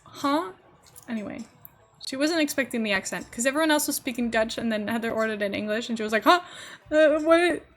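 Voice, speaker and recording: A woman's voice: fairly high pitch, fairly even intonation, fast. A young adult woman streaming, chatting casually and giggling as she rambles to her viewers while she builds. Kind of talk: casual live-stream chat.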